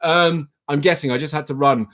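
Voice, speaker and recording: A man's voice: a little high, a little fast, fairly bright tone. A young man hosting a casual quiz livestream on his phone, chatty and teasing as he reads out questions and multiple-choice options. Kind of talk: casual live-stream chat.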